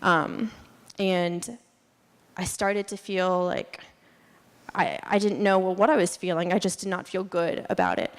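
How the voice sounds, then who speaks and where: A woman's voice: fairly low pitch, measured pace. A young woman giving a casual student presentation, chatty with many fillers and frequent laughs. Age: young adult. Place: lecture hall. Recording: long reverb in a hall.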